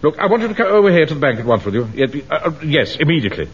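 An actor playing a pompous, self-important middle-aged bank manager who also commands a platoon, in a 1970s radio sitcom. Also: male voice, fairly high pitch, very animated, rapid-fire. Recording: dull old radio recording with faint hiss.

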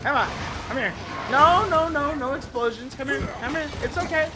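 A woman streamer giving excitable, chatty live gameplay commentary, breaking into mock-outraged rants. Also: sits high, moderate pace. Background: game music.

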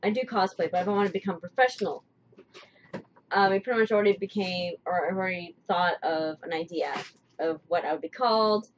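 A woman's voice: fairly low pitch, fairly quick. A young woman casually co-hosting a live chat show, chatty and laughing often, restarting her sentences. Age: young adult. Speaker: host. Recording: dull lo-fi sound with faint noise.

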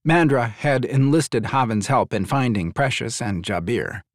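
A man narrating an audiobook in an expressive, scripted storytelling style. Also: mid-range voice, unhurried, no echo, clean studio sound.

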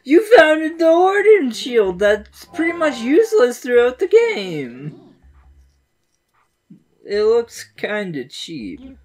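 Excitable woman doing let's play commentary. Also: on the high side, slow pace. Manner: excitable, giggly, reads game lines aloud. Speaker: gaming video host.

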